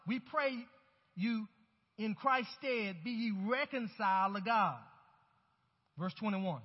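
A male pastor delivers a sermon, rising in emphasis as he calls on his congregation to answer back. His voice sits high and carries some huskiness. The recording is muffled and dull, with a long reverb from the sanctuary. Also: expressive, unhurried, long pauses, breathy edge. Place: church sanctuary. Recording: dull, hollow-sounding church recording.

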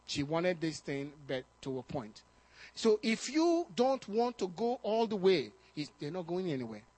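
A man pastor preaching a sermon, telling personal stories in an animated way, often repeating words and rising in excitement. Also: high voice, a little slow.

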